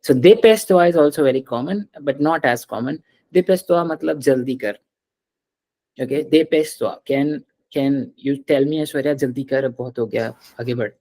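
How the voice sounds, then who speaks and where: A man's voice: mid-range voice, very fast, a little mellow, poor audio. A man teaching a French class, patiently drilling pronunciation and slipping into Hindi.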